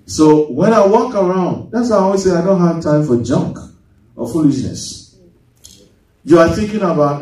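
A man's voice: fairly high pitch, expressive, moderate pace, darkish tone. Far-off man preaching in an echoey church. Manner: call-and-response preaching, rhetorical questions. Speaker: pastor. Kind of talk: sermon. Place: church sanctuary.

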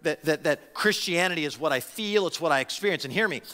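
Speaking at a quick pace, the pastor, a man in his forties, sounds a little high, expressive, pushed and bright. The sermon echoes through a large hall-like church sanctuary, and he voices the people he's quoting.

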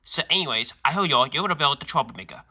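A man's voice: a little high, expressive, quick pace, pushed and bright, breathy edge, full character voice. A man voicing a stern school principal who scolds a boy and keeps repeating his name in a fan-made cartoon skit. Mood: scolding.

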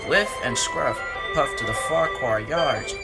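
Man reading a storybook slowly. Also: medium pitch, creaky, loud music behind the voice. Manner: slow, lively, expressive reading. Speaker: narrator.

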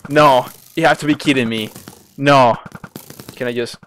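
A gaming host giving dramatic, excitable let's play commentary, yelping and groaning at each failure. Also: mid-range voice, normal speed.

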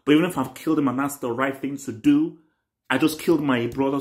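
A young man talks through a TV reaction in a loose, rambling way. He circles back over the same phrases and jumps from excited outbursts to quiet muttering. His voice sits at an ordinary middle pitch for a man. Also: fast. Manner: rambling and repetitive, swinging between excited bursts and low mutters. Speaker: reaction channel host. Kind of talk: casual TV reaction talk.

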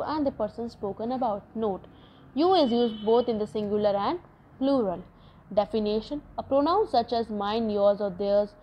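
A woman with an Indian English accent, a school English teacher giving a recorded class lesson, slowly reading out word lists and definitions. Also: on the high side. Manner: slow dictating delivery, reading out word lists. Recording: dull lo-fi recording with faint background noise.

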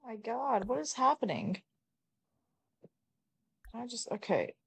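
Exasperated woman with a lively pitch. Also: slow pace, creaky, husky. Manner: exasperated, swears often, talks to the characters. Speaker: gamer. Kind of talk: casual gameplay commentary.

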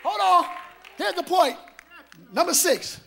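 A man pastor preaching an Easter sermon live in a church on a handheld mic, exuberant and shouting, laughing and trading call-and-response with the congregation. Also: very high-pitched, expressive, slow pace, vocal fry, a faint crowd. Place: church sanctuary. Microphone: handheld microphone.

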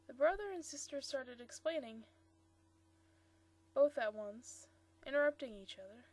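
A woman's voice: high-pitched, animated, unhurried, long pauses, darkish tone. A woman reading a short story aloud, stumbling now and then and correcting herself. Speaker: story reader.

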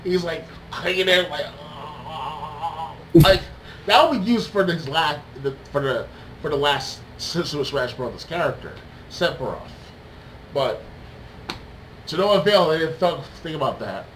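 An excitable young man chatting about games on a podcast, his voice sits a little high and swings widely as he acts out reactions. A faint hiss of noise runs under the recording. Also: moderate pace, low-quality recording. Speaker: podcast co-host. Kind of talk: casual gaming podcast chat.

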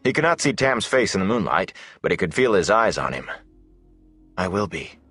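A man narrating a fantasy audiobook in a measured, steady way. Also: lowish voice, husky, no echo, soft background music.

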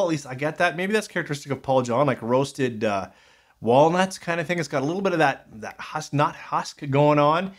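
A man casually reviewing whiskies in a rambling, thinking-aloud way, full of fillers and restarts. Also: a little high.

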